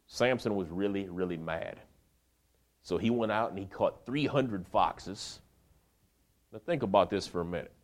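A man preaching a sermon, retelling a story in a colloquial, animated way and speaking directly to the men in the congregation. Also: lowish voice.

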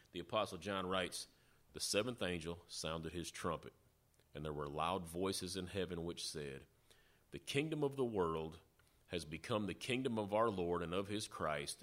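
A man preaching a sermon, teaching through scripture in a measured way. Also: deep voice, fairly bright tone. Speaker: pastor.

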